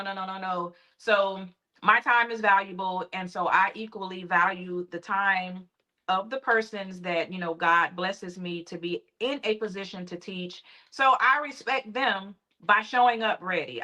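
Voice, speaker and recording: Woman, choir director, bright clear voice, emphatic, confident, interview talk. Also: medium pitch, low-quality recording. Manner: emphatic, confident, faith-centered.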